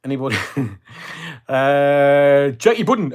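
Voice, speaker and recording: Host type: older man, slightly higher voice, jokey, rambling, full of ums and asides. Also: expressive, unhurried. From Scotland. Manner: chatty, jokey, rambling with many fillers. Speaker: livestream host reading viewer comments. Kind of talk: casual chat.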